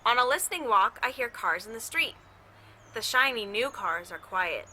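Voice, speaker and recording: Sitting outdoors with her dog, a music teacher reads a picture book aloud to children, cheerfully imitating every sound in the story. Her voice is very bright, slightly high and expressive, at a normal speed. The audio is poor, with faint outdoor noise humming behind her.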